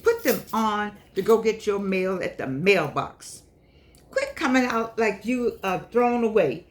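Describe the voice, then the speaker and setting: Older woman vlogger, mid-pitched, talks slightly unclearly from missing teeth, chatty monologue that turns scolding and repeats itself. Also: measured pace. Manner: chatty, scolding, repeats herself, animated rises. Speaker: vlogger and author. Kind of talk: casual monologue to camera.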